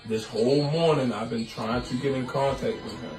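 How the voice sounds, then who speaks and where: A man's voice: mid-range voice, steady tone, normal speed. Pleading man, distant and echoey. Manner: pleading, repeats himself, voice strained. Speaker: distressed father on a phone call. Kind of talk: emotional phone call. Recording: roomy distant recording with music over it.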